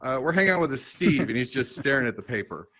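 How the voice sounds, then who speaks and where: A man in his thirties performing a stand-up set on a comedy club stage, with dry, self-mocking jokes and quick asides to the crowd. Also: mid-range voice, animated, bright, forceful tone, low-quality recording. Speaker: stand-up comedian hosting the show.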